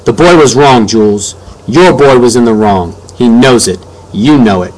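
A man's voice: mid-range voice, normal speed, a little mellow, close to an everyday voice, poor audio. A man playing a blunt, scolding old grandmother. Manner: scolding, emphatic.

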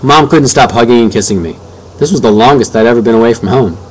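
A man's voice: medium pitch, fast talker, poor audio. A man reading a first-person audiobook narration in an earnest, reflective way.

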